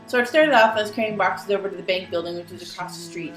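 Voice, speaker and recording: A woman's voice: on the low side, fast talker, distant mic. Chatty young woman in an echoey room. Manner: chatty, animated, acts out the voices of others. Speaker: vlogger. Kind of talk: casual storytelling vlog. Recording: echoey room with faint music.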